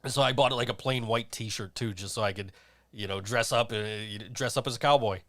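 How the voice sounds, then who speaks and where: A man's voice: medium pitch, a little fast, fairly bright tone, no room sound. A man hosting a podcast in casual chat, rambling and swearing, laughing often. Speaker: podcast host.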